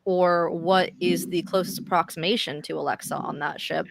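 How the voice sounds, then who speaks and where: A woman's voice: on the low side, steady tone, moderate pace, vocal fry, noisy background. A young woman narrating as game master of a tabletop game, loose and chatty with fillers. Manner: laughs often, thinks aloud with fillers.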